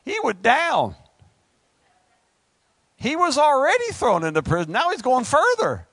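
A man preaching a sermon in a conversational, joking way, acting out quick asides and rising into excited, high-pitched preaching. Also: no echo.

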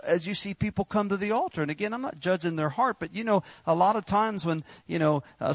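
A man preaches in a loose, conversational sermon, trailing into joking asides and repeating words as he goes. His voice sits a bit high for a man and carries a gravelly edge. The sound is dry and close, with no room around it. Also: no echo. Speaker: pastor.

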